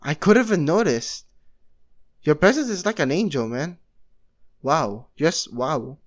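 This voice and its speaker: A man's voice: fairly high pitch, slow pace. A man voicing an astonished angel who exclaims and gushes, in a fan story read aloud. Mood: amazed. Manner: excitable, exclaiming. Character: astonished, gushing angel guard.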